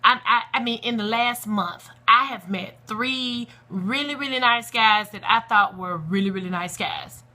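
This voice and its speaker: A woman speaking straight to camera in a casual video blog, handing out stern parenting advice. Her voice sits a little high, with a bright, forceful edge. She talks in an emphatic, preachy way, full of blunt vernacular asides. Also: a little slow, few pauses. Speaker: parenting blogger.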